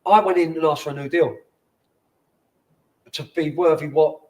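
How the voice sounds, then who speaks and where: A man's voice: on the high side, steady tone, fast talker, darkish tone. A man in his forties, a former footballer, telling rambling, sweary stories in a casual interview in a bar.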